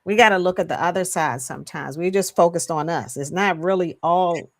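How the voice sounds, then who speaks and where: Woman co-host, deep for a woman, thoughtful church-minded chat. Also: fairly quick. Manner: reflective, frequent affirming murmurs. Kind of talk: casual faith-based chat.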